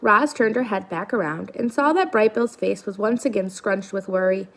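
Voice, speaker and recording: A woman reading a children's novel aloud in steady storytelling narration. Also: mid-range voice, moderate pace. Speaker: reader.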